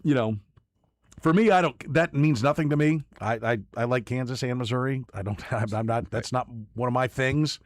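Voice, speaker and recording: A man's voice: medium pitch, moderate pace, no room sound, clean studio sound. A man hosting sports talk radio, giving emphatic opinions and often repeating words as he starts a point. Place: radio studio. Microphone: studio microphone.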